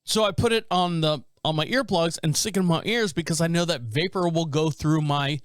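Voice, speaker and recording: A man's voice: a little high, a little fast, smooth, dry recording. A middle-aged man hosting a podcast from a small studio, telling rambling stories in casual chat and laughing often. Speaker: podcast host.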